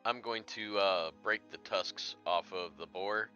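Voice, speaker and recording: A man's voice: fairly low pitch, measured pace, sharp tone, dull audio, soft background music. A man at a tabletop game describing his character's actions matter-of-factly. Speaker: player.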